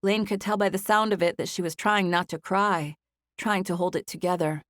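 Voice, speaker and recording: Here a mid-range female voice delivers scripted audiobook narration at a steady, measured pace. The sound is studio quality and free of echo.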